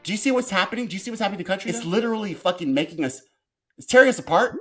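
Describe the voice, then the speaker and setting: A man hosts a casual political show, ranting with plenty of profanity. His pitch leaps up and down in a lively way, and faint music plays underneath. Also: racing. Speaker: podcast host.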